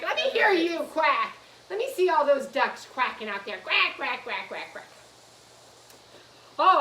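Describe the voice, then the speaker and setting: A woman teaching a yoga class to young children, gentle and playful, coaxing them through poses. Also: high voice, a little hiss or hum. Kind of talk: guided kids' yoga lesson. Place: room in a nursery school. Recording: echoey room, mic at a distance.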